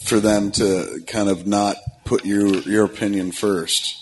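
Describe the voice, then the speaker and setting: A man hosting a podcast, telling stories in casual chat with plenty of cursing and quick impressions of other people. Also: lowish voice, background noise. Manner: profane, storytelling, animated impressions. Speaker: podcast host.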